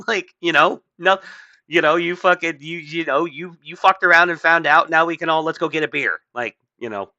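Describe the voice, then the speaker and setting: A man's voice: a little high, brisk, bright, forceful tone, no echo. A man hosting a podcast, rambling in casual political chat, swearing and putting on mocking voices. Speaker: podcast host.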